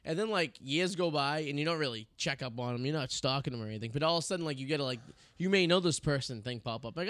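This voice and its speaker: A man's voice: fairly high pitch, expressive, fast, fairly bright tone, no room sound. A man in his thirties hosting a casual podcast, telling long rambling stories full of restarts and fillers. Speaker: podcast host. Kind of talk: casual chat. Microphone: studio mic.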